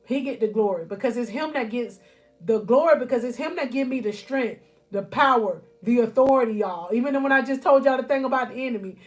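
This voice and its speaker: High-voiced woman preaching encouragement live. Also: a little fast, soft background music. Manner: fervent, repeats phrases, keeps addressing listeners as y'all. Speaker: life coach. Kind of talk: motivational live-stream preaching. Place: at home, near her bed.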